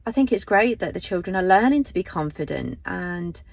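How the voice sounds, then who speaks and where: A woman in her forties, a mother of three, chatting gently in a casual vlog. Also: lowish voice, animated, fairly quick, creaky, no echo. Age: 40s.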